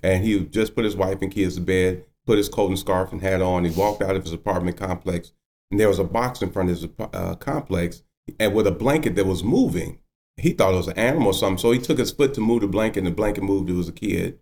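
A man in his fifties tells his story as a guest, his voice sitting low. He speaks earnestly, and feeling breaks through as he goes. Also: quick pace, darkish tone. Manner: earnest, emotional. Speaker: guest, county judge. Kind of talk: personal storytelling.

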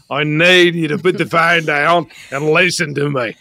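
A man's voice: on the high side, fairly even intonation, normal speed, creaky, pushed and bright, no echo, clean studio sound. A man performing an improv comedy sketch, exasperated and swearing, switching between put-on voices.

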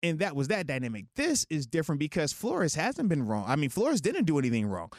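Male co-host, lively pitch, dry studio, slangy and loose. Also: brisk, no room sound. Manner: animated, uses slang like bro and man. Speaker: sports radio co-host. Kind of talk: casual sports talk radio.

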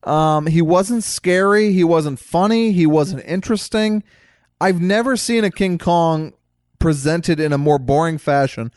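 A man's voice: fairly high pitch, darkish tone, no room sound. A man co-hosting a podcast, blunt and sarcastic in casual movie talk. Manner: blunt, sarcastic, quick jokes. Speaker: podcast co-host. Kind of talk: casual movie review chat.

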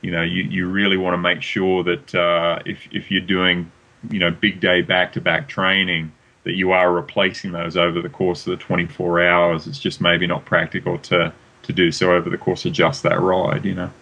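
A man from Australia, a guest coach answering questions in a halting way, with many fillers. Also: deep voice, monotone, bright, forceful tone, lo-fi sound. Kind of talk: casual interview answers.

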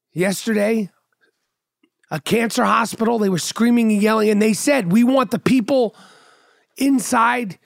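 A man's voice: high voice, vocal fry, dry recording. Middle-aged male podcast host, loose profane monologue with a sardonic edge, dry close sound. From New York. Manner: profane, sardonic rambling with restarts. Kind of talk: casual monologue.

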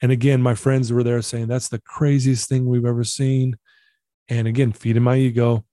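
A man's voice: medium pitch, level tone, moderate pace, warm tone, no room sound, clean studio sound. A middle-aged man, a guest in a conversation, earnestly telling a personal story and repeating himself for emphasis.

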